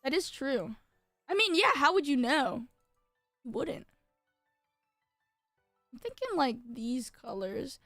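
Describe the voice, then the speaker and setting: Young woman streamer, high bright voice, dry close mic, bubbly rambling chat. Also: big pitch swings, slow, long pauses, no room sound, soft background music. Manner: bubbly, lots of filler words, jumps between topics. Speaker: VTuber streamer. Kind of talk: casual live-stream chat.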